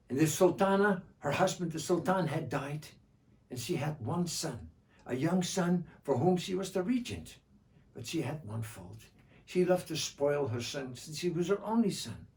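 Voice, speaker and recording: A man performing traditional folk tales as a storyteller, rhythmic and repetitive, often clearing his throat. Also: on the high side, darkish tone. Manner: rhythmic, repeating phrases, frequent throat-clearing. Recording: distant mic.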